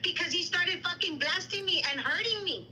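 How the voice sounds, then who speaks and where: Woman, very high bright voice, heated livestream rant, faint noise behind. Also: rough recording. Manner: indignant, rapid retelling with quoted dialogue, mixes Spanish.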